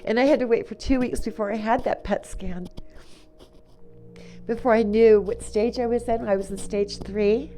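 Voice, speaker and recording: A middle-aged woman telling a personal story in a halting way, with many "you know"s, restarts and small laughs. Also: a little high, fairly even intonation, dark tone, faint music behind.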